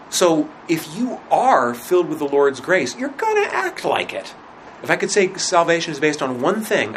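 A man's voice: medium pitch, a bit bright, slight background noise, poor audio. Man teaching a casual faith class. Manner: conversational, rhetorical questions, frequent fillers. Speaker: religion teacher.

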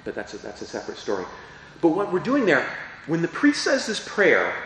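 A man's voice: on the high side, huge pitch swings, a little fast, fairly bright tone, heavy reverb, in a large hall, slight background noise, rough recording. A man who is a priest, explaining parts of the Mass in a chatty teaching talk and often asking his listeners questions. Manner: chatty, asks the audience questions.

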